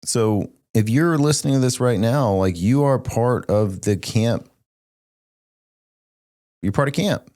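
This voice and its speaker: A young man hosting a podcast in casual chat, talking in an animated, emphatic way with lots of "like". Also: medium pitch, slow pace, pauses often. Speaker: podcast host.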